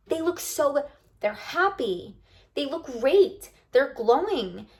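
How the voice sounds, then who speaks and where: Speaking straight to camera, a woman vlogger keeps things casual and bubbly, with a high-pitched, slightly mellow voice. She is animated yet unhurried as she addresses her viewers about lifestyle topics.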